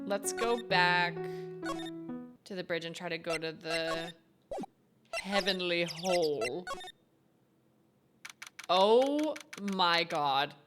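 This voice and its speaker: A woman's voice: lowish voice, takes it slowly, pauses often. A young woman streamer chatting casually and giggling as she plays a video game. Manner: giggly, chatty, reacts aloud. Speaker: gaming streamer. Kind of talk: casual let's-play commentary. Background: game music.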